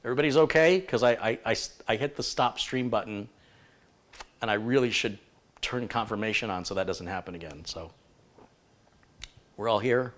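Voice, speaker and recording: A man's voice: lowish voice, normal speed, long pauses, fairly bright tone. A man hosting a casual livestream, joking and rambling as he reads out viewer greetings. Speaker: livestream host.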